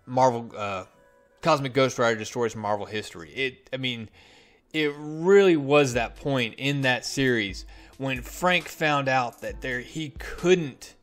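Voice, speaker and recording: A man reviewing comics in a casual vlog, retelling the story with animated delivery and frequent restarts. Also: mid-range voice.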